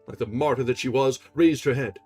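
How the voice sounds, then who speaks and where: A man's voice: mid-range voice, steady tone, a little fast, warm tone, husky, faint music behind. A man streaming a live reading of a classic novel, narrating expressively with small restarts. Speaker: reader and streamer.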